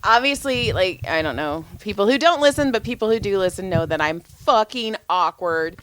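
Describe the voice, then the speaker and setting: A woman's voice: mid-range voice, normal speed, slight background noise. A middle-aged woman co-hosting a podcast, telling stories in casual chat with plenty of swearing and acted-out quotes. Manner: swears a lot, animated storytelling with acted-out quotes. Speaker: podcast co-host.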